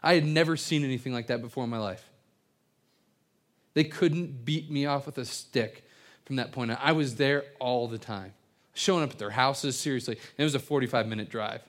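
A man's voice: mid-range voice, moderate pace. Earnest man preaching a sermon. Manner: earnest storytelling with many repeated words and restarts. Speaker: pastor. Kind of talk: evening sermon.

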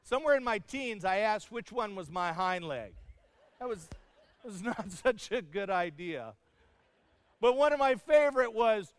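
A middle-aged man delivers a sermon in a high, smooth, resonant voice, mixing humor into his stories and playing out each quoted line. His voice sits close and dry on the mic while a long reverb hangs in the hall behind it. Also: animated, unhurried. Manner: storytelling with humor and acted-out quotes. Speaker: pastor.

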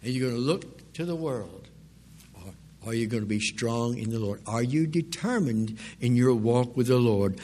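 An older man preaching a sermon, telling mission stories in an earnest, exclaiming way with a husky voice. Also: medium pitch, unhurried. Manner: earnest, animated storytelling with exclamations.

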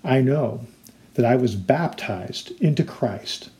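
A man's voice: mid-range voice, animated, slow pace, warm tone. A man preaching a sermon as a pastor, earnest and explanatory, now and then acting out the voices in his stories.

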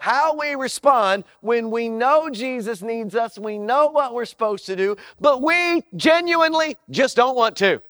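A male pastor delivers a sermon with a very high voice. He talks conversationally but hammers points home with repeated phrases. The recording is dry and close. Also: animated, measured pace, few pauses, fairly bright tone, no room sound. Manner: emphatic, repetitive, conversational.

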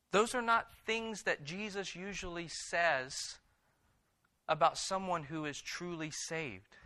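A man's voice: sits high, bright, forceful tone. A man preaching a sermon, reading scripture aloud and then exhorting his congregation with emphatic repetitions. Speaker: pastor.

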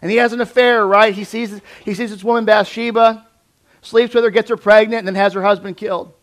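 A man preaching a conversational sermon, acting out voices of Bible figures and often dropping to a low, quiet voice. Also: steady tone, fairly quick. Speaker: pastor.

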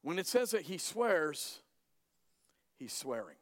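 A male pastor preaching a sermon dramatically, swinging between loud emphasis and hushed lines. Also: a little high, very animated, slow. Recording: echoey hall.

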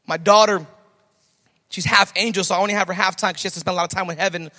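Preaching quickly in a sharp, notably high voice with fairly even intonation, a male pastor hammers his points through repeated phrases. The sermon echoes with a long reverb tail through the church.

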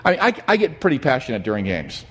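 A middle-aged man preaching a sermon, telling a personal story in an animated, emphatic way. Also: mid-range voice, fast talker. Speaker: pastor.

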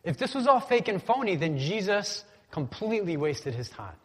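Male pastor with a slightly high voice; preaches casually, has the room repeat key words, church hall with a long echo tail. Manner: conversational, asks congregation to repeat words. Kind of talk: sermon. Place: church sanctuary.

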